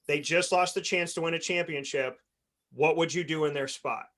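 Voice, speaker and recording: A man's voice: a little high, moderate pace, fairly bright tone. A man hosting a sports panel discussion on a video call, talking earnestly in long rambling runs with frequent restarts. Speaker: host.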